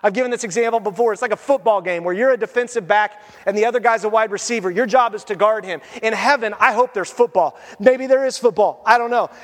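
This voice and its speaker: A male pastor delivers a sermon, reading scripture and telling animated stories before dropping into quiet, earnest appeals. His voice sits high for a man. The sound carries a long reverb, as if from a large church hall. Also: quick pace, hardly any pauses.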